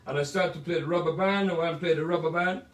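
A man's voice: on the high side, fairly even intonation, slight background noise. Older Jamaican man in an echoey room. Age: 80s. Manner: chatty, playful, drawn-out asides. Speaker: musician sharing memories. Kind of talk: casual storytelling monologue. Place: home music room. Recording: echoey room, mic at a distance.

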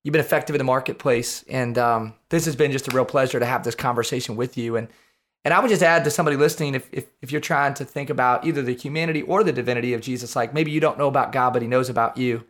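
A man's voice: mid-range voice, quick pace, a bit bright. A male podcast host thanking his guest with effusive praise and closing out the show. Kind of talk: interview wrap-up and outro.

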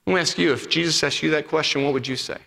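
A man preaching a sermon as pastor, telling a Bible story with acted-out voices and dropping to hushed appeals. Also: fairly high pitch, fast, creaky. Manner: animated storytelling, acting out voices, then hushed and intimate. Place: church sanctuary. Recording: long reverb of a hall.

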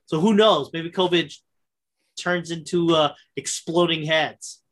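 Woman, podcast co-host, casual chat, animated, lots of fillers. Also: deep voice, a little slow. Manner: animated, many fillers and restarts.

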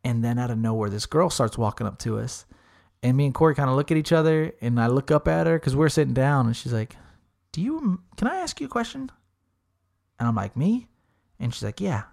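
A man's voice: medium pitch, gravelly, a little mellow. A young man telling a funny story in casual chat, swearing freely and acting out the voices of the people he quotes.

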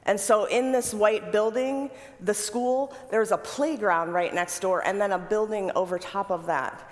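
A woman preacher telling a story from the pulpit in an unhurried, vivid way. She repeats phrases for weight and her pitch sits in a middle range. Her voice carries a long hall reverb. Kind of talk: sermon storytelling.

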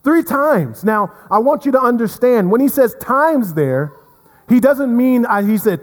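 A man preaching a sermon as pastor, earnest, repeating words and swinging from emphatic to hushed. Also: very high-pitched, lively intonation, normal speed. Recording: long reverb of a hall.

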